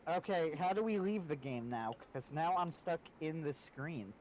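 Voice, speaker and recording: A man's voice: a little high, lively intonation, moderate pace, a little mellow, slight background noise, rough recording. A man co-hosting a livestream, talking in a dry, matter-of-fact way. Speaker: livestream co-host. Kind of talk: casual chat.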